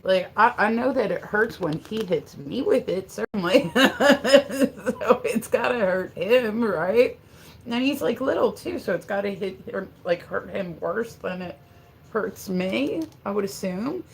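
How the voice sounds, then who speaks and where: A woman's voice: mid-range voice, animated, measured pace, creaky, slight background noise. A woman chatting casually on a live stream from her home studio, exasperated and scolding, swearing casually. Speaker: livestreamer.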